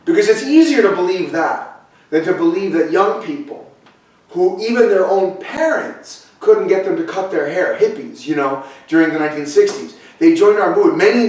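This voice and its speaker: A man's voice: fairly high pitch, a little mellow, far from the mic. An older man preaching a conversational sermon, telling stories with chatty asides and restarts. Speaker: pastor. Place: church sanctuary, echoey room. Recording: echoey room, voice from off-mic.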